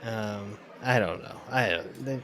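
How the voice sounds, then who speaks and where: A man's voice: on the low side, unhurried, a crowd in the background, background noise. A man co-hosting a casual book-club podcast, making dry, critical remarks about the writing. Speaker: podcast co-host.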